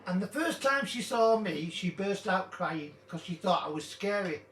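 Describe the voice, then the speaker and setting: A rambling, jokey older man who chats casually while he plays a game, drifting off into little stories. The room sounds big and echoey, and the mic sits some distance away. Steady noise runs underneath. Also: high voice, normal speed. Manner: rambling, jokey, chatty storytelling. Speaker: gaming video host. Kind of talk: casual chat while playing. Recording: roomy, distant mic, noisy background.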